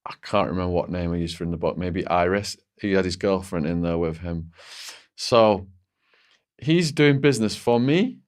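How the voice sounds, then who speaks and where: Male guest, lowish voice, vivid storyteller who restarts his sentences and leans on "like". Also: moderate pace. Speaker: interview guest. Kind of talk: recounting a personal story.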